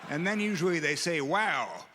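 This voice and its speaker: A man doing stand-up in a slow, deadpan, stoned-sounding delivery. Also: on the high side. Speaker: stand-up comic. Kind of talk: stand-up comedy. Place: comedy club stage. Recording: reverberant hall with room noise.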